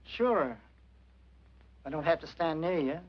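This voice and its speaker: A jittery, boastful frontier loudmouth. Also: male voice, a little high, animated, takes it slowly. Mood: nervous. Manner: rambling, folksy drawl. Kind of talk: 1940s western film acting. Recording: muffled old film soundtrack with score.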